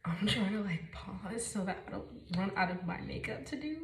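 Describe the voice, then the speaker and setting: A young woman from Chicago telling a story time while doing her makeup, animated, dropping to whispers and jumping up in bursts. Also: medium pitch, normal speed. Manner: animated, jumps between whispers and bursts of exclaiming. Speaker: vlogger. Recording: echoey room, faint noise.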